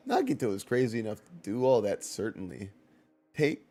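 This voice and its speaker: A man's voice: mid-range voice, very animated, moderate pace, darkish tone. A man giving casual, jokey commentary while streaming a game, laughing often and chatting with his viewers.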